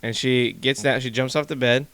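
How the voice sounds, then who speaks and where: Young male podcast host, smooth dry voice, animated swearing storyteller. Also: medium pitch, moderate pace, dry recording. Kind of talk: casual chat. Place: home room, basement.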